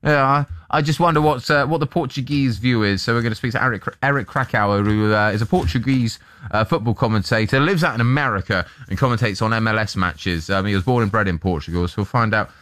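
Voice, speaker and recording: Chatty radio host, easily amazed. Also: male voice, on the low side, quick pace, fairly bright tone, no room sound. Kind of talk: casual morning radio chat.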